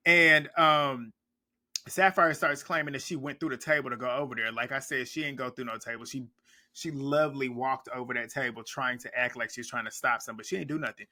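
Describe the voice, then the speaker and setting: A man's voice: mid-range voice, steady tone, a little fast, sharp tone. A man recapping a reality TV episode in a casual reaction vlog, blunt and profane, laughing often as he talks.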